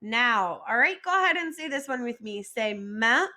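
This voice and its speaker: A woman teaching a recorded French vocabulary lesson, slowly modeling each word and asking listeners to repeat after her. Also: high-pitched, lively intonation, bright, forceful tone. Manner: slow, clearly modeled pronunciation with call-and-repeat drills.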